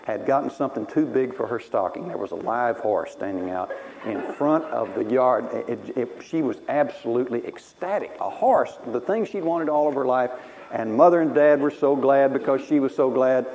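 A man's voice: medium pitch, animated, normal speed, a little mellow, lo-fi sound, a little hiss or hum. Wry storytelling preacher man from Texas. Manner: wry, self-mocking storyteller who laughs at himself. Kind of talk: sermon told as personal stories.

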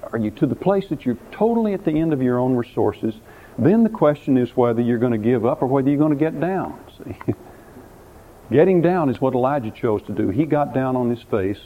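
A man, a pastor, preaching a sermon, telling a story dramatically and putting questions to the listeners, often repeating words. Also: medium pitch. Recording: tinny phone-like recording, faint hiss.

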